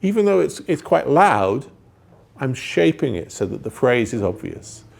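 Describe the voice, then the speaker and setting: Gravelly man coaching a cellist. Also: mid-range voice, very animated, measured pace, a little mellow. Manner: encouraging, sings phrases to demonstrate. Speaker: cello teacher. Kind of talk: masterclass coaching. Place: music school hall. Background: cello playing.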